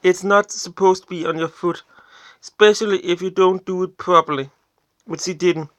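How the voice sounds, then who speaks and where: A vlogger from Denmark with a Danish accent, telling personal stories in a halting way, often searching for English words, blunt and complaining. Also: medium pitch, fairly even intonation, dry recording. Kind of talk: casual personal storytelling to camera.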